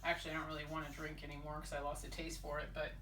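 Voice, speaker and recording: Bright-voiced woman, chatty spiritual advisor. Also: low voice, racing, distant mic, a little hiss or hum. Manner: chatty and animated, self-mocking. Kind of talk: casual vlog talk.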